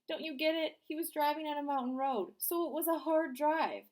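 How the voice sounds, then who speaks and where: A woman doing a goofy, high-voiced joking schoolboy. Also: lively intonation, fairly quick, a little mellow. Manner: eager, pleading for laughs.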